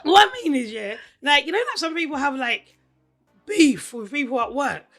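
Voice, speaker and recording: Hoarse woman with a bright voice. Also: sits high, normal speed, faint music behind. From Nigeria. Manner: laughs often, animated storytelling. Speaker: podcast co-host. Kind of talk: casual chat.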